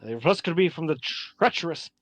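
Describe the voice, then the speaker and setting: A man's voice: on the high side, lively intonation, brisk, no room sound, faint music behind, natural voice. A man voicing a tired middle-aged uncle who speaks wearily and earnestly. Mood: weary. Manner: weary and earnest.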